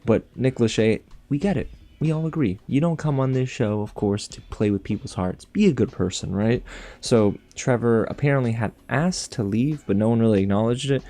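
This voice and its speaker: A man recapping a reality show in casual commentary, animated and sarcastic, with big jumps in pitch on his asides. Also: moderate pace. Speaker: TV show reviewer.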